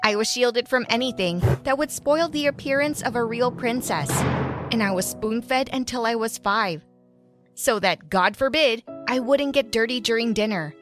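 A woman narrating a first-person story in a bitter, confessional tone. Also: a little high.

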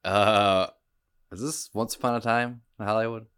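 A man's voice: lowish voice, normal speed, smooth. A man co-hosting a podcast, chatting casually and guessing movie quotes. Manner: lively, laughs easily. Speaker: podcast co-host.

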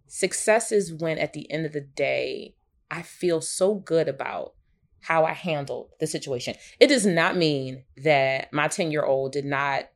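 A woman in her thirties co-hosting a casual podcast, telling a personal story expressively with big swings in pitch. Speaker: podcast co-host.

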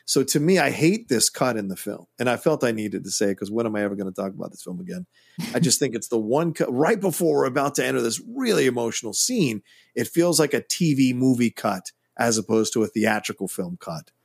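A man talking films on a podcast, emphatic and opinionated. His voice is gravelly and a little husky, recorded dry and close. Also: mid-range voice, expressive, brisk, dry recording. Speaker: podcast co-host. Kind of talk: casual film discussion.

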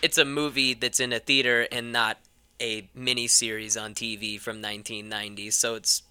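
Young man, radio guest, very bright voice, crisp and clear, chatty, says like a lot. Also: mid-range voice, little pitch movement, moderate pace, dry recording. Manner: chatty, full of likes, laughs easily. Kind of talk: casual chat. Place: radio studio.

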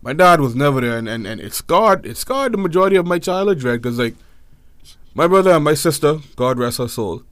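A young man telling a personal story in casual chat, animated and acting out quotes. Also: a little fast, dry recording, studio quality. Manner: animated, acts out quotes in high voices.

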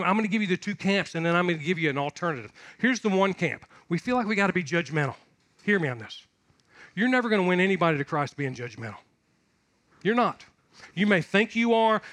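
A man's voice: a little high, a bit bright. A male pastor preaching a sermon, moving from conversational storytelling to emphatic, repetitive exhortation.

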